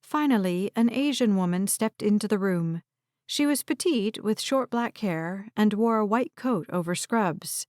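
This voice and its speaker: A woman narrating an audiobook in an even, unhurried reading style. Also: mid-range voice, no room sound, clean studio sound. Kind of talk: scripted narration.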